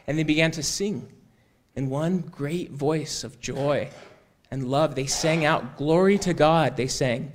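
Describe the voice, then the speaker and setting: A man telling a story aloud in an unhurried, conversational way, often repeating "he said" and restarting phrases. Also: fairly high pitch, a little hiss or hum. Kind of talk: oral storytelling.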